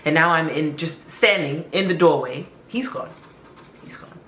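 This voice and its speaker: Woman doing a storytime vlog, low bright voice, chatty and dramatic, echoey room. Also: slight background noise. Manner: chatty, expressive, drawn-out emphasis.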